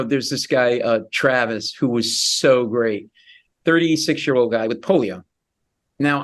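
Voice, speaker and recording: A middle-aged man, a comedian guest on a radio interview, telling animated stories and acting out the voices of the people in them. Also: mid-range voice. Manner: animated, acts out quoted voices, quick asides.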